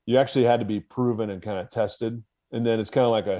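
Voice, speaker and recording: An American man, once a Marine officer, recounts his past in a relaxed conversational flow. He swears freely and often laughs at his own expense. His voice sits at an ordinary middle pitch for a man. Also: quick pace. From United States. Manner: candid and profane, laughing at himself. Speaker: podcast guest, former Marine officer. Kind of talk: casual storytelling in conversation.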